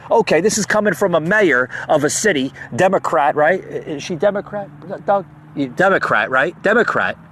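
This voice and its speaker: Against slight background noise, a man with a fairly high-pitched voice hosts a podcast and goes on a heated political rant. Growing agitated, he stumbles over words, repeats himself, and lets fly with sneering sarcasm.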